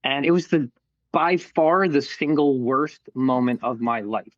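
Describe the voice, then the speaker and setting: In a candid, casual interview, a middle-aged man tells his life story, animatedly acting out what people said to him and swearing offhandedly. His medium-pitched voice is unhurried, with no echo and the highs cut off.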